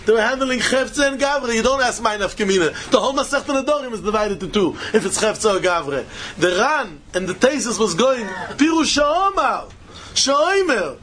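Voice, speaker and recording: High-pitched man teaching Talmud. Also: lively intonation, moderate pace, a bit bright, a little hiss or hum. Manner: mixes Yiddish and Hebrew terms, sing-song rising questions. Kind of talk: Talmud study lecture.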